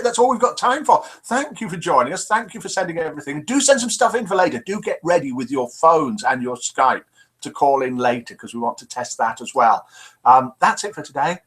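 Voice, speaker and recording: Chatty older man, lively and bright. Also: a little high, breathy edge. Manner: chatty, self-mocking, reads out comments quickly. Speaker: host of a live web show. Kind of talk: casual live-stream chat reading viewer comments.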